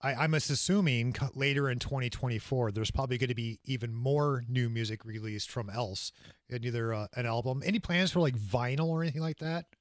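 A man's voice: mid-range voice, fairly quick, no echo, studio quality. A man hosting a show, asking a musician casual interview questions in a friendly way with a few fillers. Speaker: radio show host.

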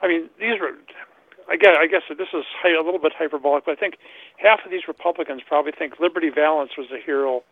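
A man calls in over a tinny, phone-like line, his voice gravelly with plenty of fry and sitting a little high for a man. He rambles, circling back and repeating words as he hunts for what to say next. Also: fast. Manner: rambling, repeats words while searching for them. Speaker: caller. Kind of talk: call-in talk radio.

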